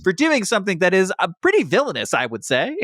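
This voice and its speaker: A man co-hosting a podcast, telling a story with lively, quoted voices in casual chat. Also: high voice, fast, dry recording, clean studio sound. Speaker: podcast co-host.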